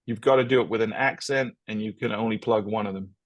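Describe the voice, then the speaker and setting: Low-voiced male podcast co-host. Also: fast, no room sound. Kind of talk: casual podcast chat.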